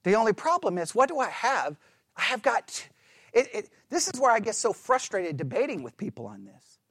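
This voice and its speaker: A man preaching an animated sermon, full of rhetorical questions and acted-out voices of churchgoers. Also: high-pitched, normal speed, slightly rough, dry recording.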